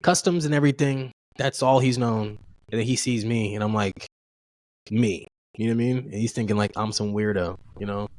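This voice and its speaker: A man's voice: lowish voice, a little fast, a little mellow. A man from the United States casually telling travel stories on a podcast, rambling and profane, often laughing and acting out his reactions. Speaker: podcast co-host. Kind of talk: casual storytelling chat.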